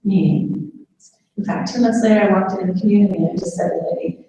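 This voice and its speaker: Speaking fast in a mid-range voice, a woman leads a live dementia caregiver workshop and engages the audience with questions. Crowd noise is audible, along with faint noise, and the room echoes with the mic far off.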